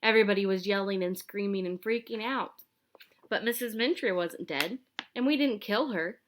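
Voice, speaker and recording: A woman reading a children's chapter book aloud in a lively, expressive storytelling manner. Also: medium pitch, moderate pace, slight background noise. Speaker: audiobook reader.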